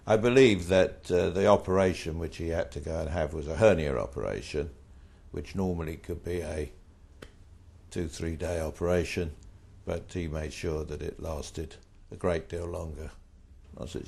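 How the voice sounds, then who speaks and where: Older guy from britain, really low voice, blunt storyteller getting loud on the punchlines. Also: normal speed, gravelly, breathy edge. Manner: blunt, animated anecdotes, voices rising in quoted retorts. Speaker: interviewee. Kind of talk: anecdotal storytelling.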